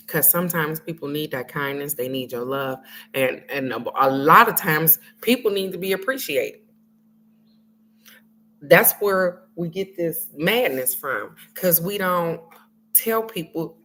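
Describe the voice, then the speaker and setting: A woman hosting a casual livestream, talking loud and fast with slang, swearing and lots of laughter. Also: low-pitched, slight background noise. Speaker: spiritual card reading host. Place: on a trip abroad.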